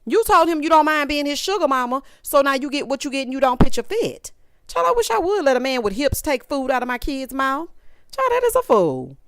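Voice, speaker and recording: A woman's voice: high-pitched, very animated, fairly quick, no echo, clean studio sound. Sassy woman recapping reality TV. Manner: sassy, exasperated, quotes people in voices. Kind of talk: casual commentary recap.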